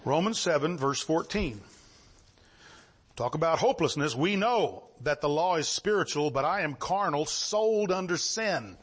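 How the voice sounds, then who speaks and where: A man preaching a sermon, reading scripture aloud and swinging between low, measured reading and high exclamations. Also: animated, husky. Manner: reads scripture in King James wording.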